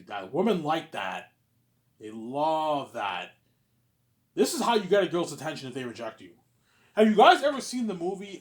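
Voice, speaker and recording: A man talks through a casual vlog monologue, rambling and repeating himself as he stammers into each thought. His voice sits at a mid pitch and swings from loud, excited bursts down to low mutters. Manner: rambling and repetitive, with frequent stammered restarts. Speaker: vlogger. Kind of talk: casual monologue, answering his own questions.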